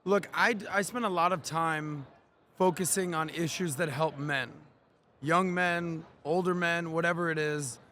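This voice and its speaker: A man's voice: fairly high pitch, fairly even intonation, unhurried, bright, forceful tone, slight background noise. A man co-hosting an interview, asking earnest, thoughtful questions. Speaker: co-host. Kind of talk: casual interview talk.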